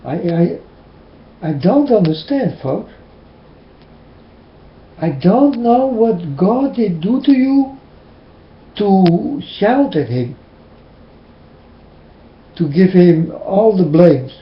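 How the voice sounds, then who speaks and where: A man from the Netherlands with a Dutch accent, preaching casually in an earnest, halting way and asking the same questions again and again. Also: high-pitched, sing-song, reverberant, muffled recording. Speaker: religious vlogger.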